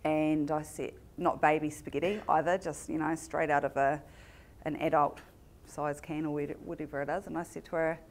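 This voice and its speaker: A woman with a New Zealand accent giving a talk at a community event, telling a personal story with lively acted-out dialogue. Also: low voice, normal speed, slight background noise. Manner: lively storyteller who acts out remembered dialogue.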